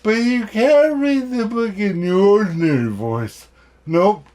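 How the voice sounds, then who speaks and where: A man giving a keynote talk, telling personal stories in a deliberate way with self-deprecating humor. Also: sits high, expressive, darkish tone. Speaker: keynote speaker.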